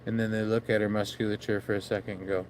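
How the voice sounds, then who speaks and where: A man's voice: lowish voice, flat delivery, fast, darkish tone, slight background noise. Rambling man vlogging outdoors at night. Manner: meandering, swears often, laughs at himself. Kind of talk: late-night casual rambling. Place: outdoors at night by his backyard shed.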